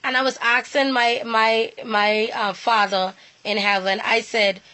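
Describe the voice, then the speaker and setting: A woman's voice: on the high side, fairly even intonation, bright, forceful tone. A woman giving an earnest personal talk on faith, repeating herself and restarting phrases as she goes. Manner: earnest and repetitive, with halting restarts. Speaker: inspirational speaker.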